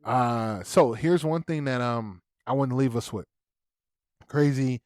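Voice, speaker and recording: A man's voice: medium pitch, measured pace, a little mellow, no echo, clean studio sound. A man co-hosting a podcast, telling a parenting story in casual chat and acting out the voices of his kids and himself. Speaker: podcast co-host.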